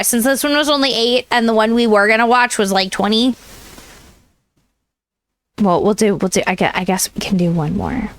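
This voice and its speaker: Woman, streamer, high voice, bubbly, chatty, giggly. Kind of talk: live-stream chat reacting to videos.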